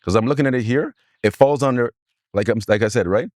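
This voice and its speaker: A man's voice: mid-range voice, quick pace, darkish tone, dry recording, clean studio sound. Insistent man co-hosting a podcast. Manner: insistent, repeats himself, talks over his partner. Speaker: podcast co-host. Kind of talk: casual argumentative chat.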